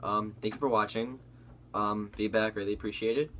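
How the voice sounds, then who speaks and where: A man's voice: lowish voice, fairly even intonation, moderate pace, fairly bright tone, a little hiss or hum. A young man co-hosting a comedy chat in an easygoing, casual way. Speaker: comedy channel co-host.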